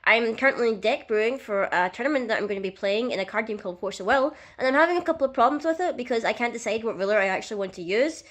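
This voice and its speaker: A woman's voice: fairly high pitch, lively intonation, quick pace, few pauses, fairly bright tone. A young woman vlogging casually in a chatty, self-mocking and dramatic way. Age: young adult. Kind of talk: casual comedic vlog.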